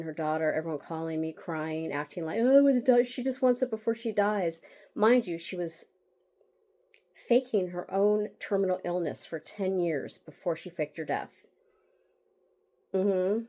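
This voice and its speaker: In a dark voice on the low side, an author speaks about her book in a candid vlog monologue. The bitter personal story comes out emotional and rambling, with restarts, fillers, sighs, and wry laughs.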